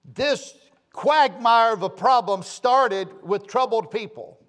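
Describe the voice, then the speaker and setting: A man preaching a sermon, shifting between loud, emphatic passages and quiet, low asides, with a folksy storytelling manner. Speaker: pastor.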